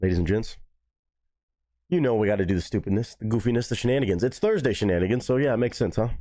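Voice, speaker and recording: A man's voice: lowish voice, fast talker, warm tone. Goofy, casually swearing male streamer. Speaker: live streamer. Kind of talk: casual live-stream chat.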